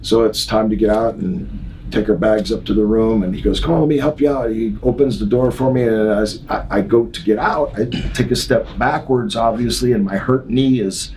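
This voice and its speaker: A man, a retired wrestler, telling a prank story in an animated way. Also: normal speed, distant mic, a little hiss or hum, low-quality recording. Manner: animated, gets loud and high when excited. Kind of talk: storytelling anecdote.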